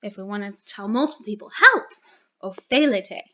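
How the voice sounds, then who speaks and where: A woman's voice: medium pitch, takes it slowly, a bit bright, muffled recording, slight background noise. A woman teaching a recorded grammar lesson, explaining patiently and checking in with "okay?" and "right?".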